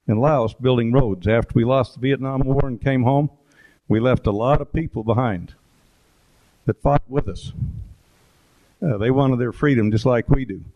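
A man's voice: mid-range voice, mellow. A middle-aged man giving an informal talk with photos, rambling through anecdotes with fillers and asides. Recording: dull lo-fi recording.

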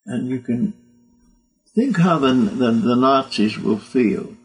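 An older man giving an earnest doctrinal sermon, halting and repeating words as he goes. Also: medium pitch, animated, rough recording. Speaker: religious teacher.

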